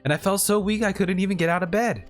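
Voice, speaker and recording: A man's voice: high-pitched, fast, soft background music, voice pushed up, natural voice. A man voicing an earnest little girl. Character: earnest little girl who dreams of healing. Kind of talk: reading game dialogue aloud.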